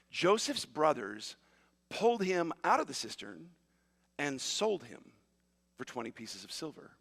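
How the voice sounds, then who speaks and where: A man preaching a sermon as pastor, retelling a story in a lively, conversational way with asides to the congregation. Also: a little high, gravelly, long reverb tail. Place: church auditorium.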